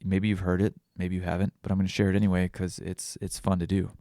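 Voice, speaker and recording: Low gravelly-voiced man rambling on a podcast. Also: completely flat delivery, quick pace, dark tone, dry recording, studio quality. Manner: rambling, self-deprecating, crude jokes. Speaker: podcast host. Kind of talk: casual solo podcast monologue.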